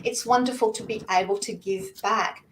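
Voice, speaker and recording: A woman's voice: mid-range voice, steady tone, moderate pace. A woman hosting a live-stream psychic show, upbeat and chatty, reading out viewers' questions. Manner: upbeat, chatty, laughs at herself. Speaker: host. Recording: echoey room, faint noise.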